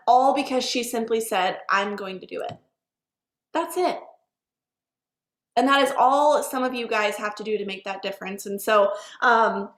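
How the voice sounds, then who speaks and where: A woman's voice: on the high side, fairly bright tone. A woman hosting an online team call, chatting in an upbeat way and introducing a guest. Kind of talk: casual hosting chat. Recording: echoey room.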